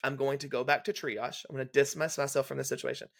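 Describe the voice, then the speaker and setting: A man's voice: mid-range voice, level tone, creaky, fairly bright tone. Man telling a clinical story in detail. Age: young adult. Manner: detailed, brisk clinical storytelling, acts out quoted dialogue. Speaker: guest, legal nurse consultant. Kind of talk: casual storytelling in a podcast interview.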